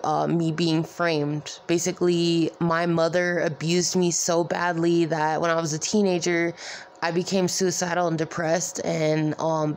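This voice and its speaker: A weary, distressed woman talking to her viewers in a rambling, halting way, with many repeated "like"s. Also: low voice, a little mellow, a little hiss or hum. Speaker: vlogger. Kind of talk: emotional personal vlog.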